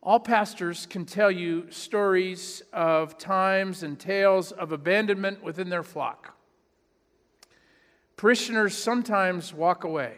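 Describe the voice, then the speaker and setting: A man's voice: sits high, a little slow, a bit bright, big-room sound. A man, a pastor, preaching a sermon in a conversational, self-deprecating way, acting out imagined voices.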